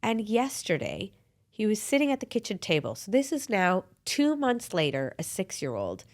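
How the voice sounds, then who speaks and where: A woman's voice: mid-range voice, huge pitch swings, normal speed. A woman in her thirties, a podcast host, telling a family story in a casual chat and acting out the voices of herself and her son.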